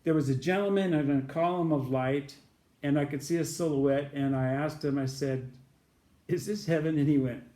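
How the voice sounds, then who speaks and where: A man's voice: a little high, steady tone, moderate pace, dark tone, echoey room. A man, a guest in an interview, earnestly retelling an experience and acting out the voices in it. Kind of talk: storytelling a near-death experience.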